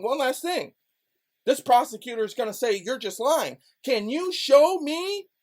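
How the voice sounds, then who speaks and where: A man, a rapper, delivering an angry, profane rant to camera in a loud, heated voice. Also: very high-pitched. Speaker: rapper and vlogger.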